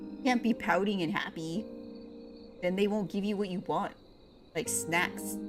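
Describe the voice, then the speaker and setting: A young woman, playfully chatting with her viewers by name while streaming a cozy game. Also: on the low side. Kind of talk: casual live-stream chat with chat.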